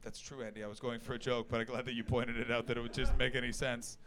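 A man in his thirties doing stand-up crowd work on a club stage, loud, profane and excitable. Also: medium pitch, quick pace. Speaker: stand-up comedian. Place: comedy club stage, live audience.

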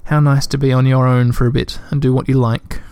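A man voicing a kindly, calm motherly female troll creature in a storybook reading, speaking gently and soothingly. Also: mid-range voice, fairly quick, clear, resonant tone, no room sound, natural voice.

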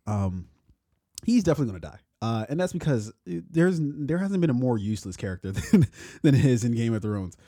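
A man's voice: mid-range voice, very animated, brisk, warm tone, no echo, studio quality. A man co-hosting a podcast in a loose, casual chat, swearing freely and laughing often. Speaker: podcast co-host.

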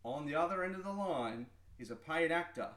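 A man co-hosting a comedy podcast, telling stories in an animated way and acting out the people he quotes. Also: fairly high pitch, a little fast, roomy sound. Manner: animated storyteller, acts out quoted voices. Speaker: podcast co-host. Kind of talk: casual comedic chat.

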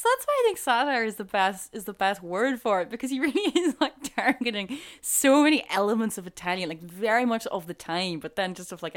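A woman co-hosting a film podcast, enthusiastic and gushing, full of "like" and "um". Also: mid-range voice. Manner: enthusiastic, gushing, many fillers. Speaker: podcast co-host. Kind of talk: casual film chat.

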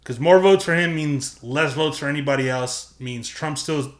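A man's voice: fairly high pitch, moderate pace. A man co-hosts a casual podcast from a roomy, echoey space. He speaks bluntly and with strong opinions, swearing often. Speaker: podcast co-host.

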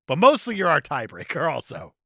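A man's voice: fairly high pitch, fairly quick, gravelly, dry recording, clean studio sound. A man hosting a podcast, chatting casually and joking crudely. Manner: joking, profane, lively. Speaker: podcast host. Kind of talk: casual chat.

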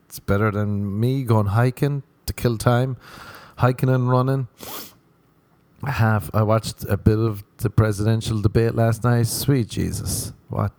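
A young man with a fairly low voice, riffing on his own in a crude, sardonic way. He rambles loosely from one gripe to the next and swears freely. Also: darkish tone. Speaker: comedian. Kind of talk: solo comedy rant.

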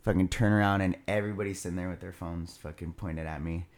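A man's voice: low-pitched, fairly even intonation, fast. A young man casually telling a rowdy party story, loose and profane, laughing as he goes.

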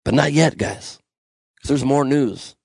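Gravelly, ranting male podcast host. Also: medium pitch, a little slow, darkish tone, no room sound. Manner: ranting, sarcastic, swearing. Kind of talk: comedic news commentary. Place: small room alone.

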